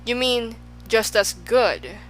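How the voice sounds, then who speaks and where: A woman's voice: on the high side, slow pace, fairly bright tone, a little hiss or hum, rough recording. A woman voicing a pompous, wordy male humbug bug in an audiobook, talking in flowery, fussy phrases. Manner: flowery, fussy, agrees with everyone. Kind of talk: audiobook character voice.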